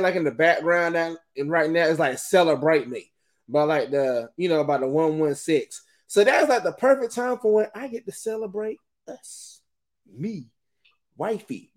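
A middle-aged man hosting a podcast and talking through a rambling, animated, casual monologue, often laughing. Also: fairly high pitch. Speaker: podcast host.

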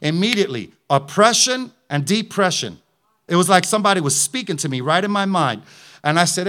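A male pastor preaches his testimony in a high, sharp voice. He tells the story with passion and climbs into fervent declarations. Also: moderate pace.

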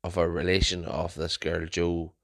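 A man's voice: low-pitched, level tone, normal speed, vocal fry. A young man hosting a podcast, telling stories in a casual, rambling way with frequent restarts and self-corrections. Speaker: podcast host.

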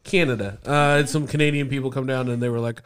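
A man's voice: mid-range voice, steady tone, fast talker, clean tone. A young man from Indianapolis hosting a casual podcast, rambling and joking with frequent laughs. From Indianapolis, USA. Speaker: podcast host.

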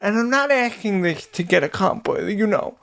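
A man hosting a casual interview, speaking in an unhurried and affirming way to a friend who is his guest. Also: high voice, lively intonation, gravelly, a bit bright. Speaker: podcast host.

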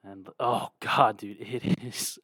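A man's voice: on the low side, fairly even intonation, takes it slowly, bright, forceful tone, breathy edge, no room sound, clean studio sound. A young man hosting a podcast in a casual, laid-back way, saying "dude" and "like" a lot. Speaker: podcast host. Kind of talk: casual chat.

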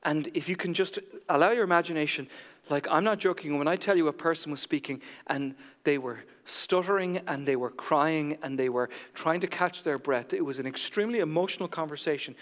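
High-voiced man preaching in a reverberant hall. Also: fairly quick. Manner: swings from loud proclaiming to hushed whispers. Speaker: pastor. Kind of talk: sermon. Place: church sanctuary.

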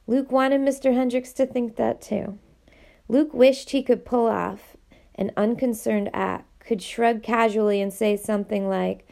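A woman reading a novel aloud in an expressive, animated way. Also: fairly high pitch, unhurried, gravelly. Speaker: audiobook reader.

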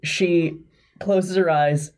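A woman with a husky voice playing a tabletop role-playing game. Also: lowish voice, steady tone, drawn-out words, darkish tone. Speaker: player.

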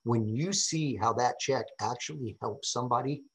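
A middle-aged man, a podcast guest and public speaker, telling stories in a casual interview with an animated, emphatic manner, often asking "right?". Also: mid-range voice, moderate pace, rough recording.

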